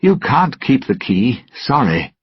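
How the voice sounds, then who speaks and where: A man reading a storybook aloud and voicing a proud, scheming naval officer in a forceful, raised voice. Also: medium pitch, very animated, slow, husky, no room sound, lo-fi sound, voice pushed up, heavily acted.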